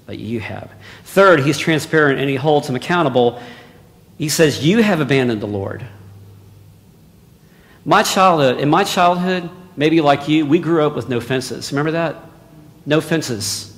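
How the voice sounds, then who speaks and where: A male preacher delivering a sermon, dropping to hushed asides and then rising to loud exclamations. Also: on the high side, lively intonation, unhurried. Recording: long hall reverb.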